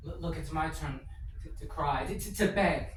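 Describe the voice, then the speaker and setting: A man's voice: on the high side, normal speed, slight background noise, close to an everyday voice. An actor playing a desperate young husband who stammers and pleads with his wife. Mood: pleading. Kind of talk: dramatic scene acting. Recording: echoey room, distant mic, faint ambience.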